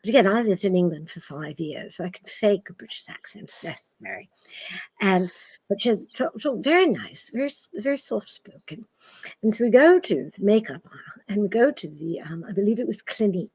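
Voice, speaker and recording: A woman in her sixties from Massachusetts, an author telling stories as a guest in a casual interview, animated and self-deprecating. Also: medium pitch, a little fast, breathy edge, no room sound. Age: 60s. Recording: dull, dry sound.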